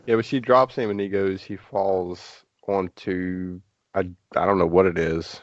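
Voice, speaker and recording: A man's voice: low-pitched, fairly even intonation, a little slow, no echo, highs cut off. A man hosting a podcast, casually recapping a film with lots of fillers and hedges. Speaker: podcast host. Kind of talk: casual movie discussion.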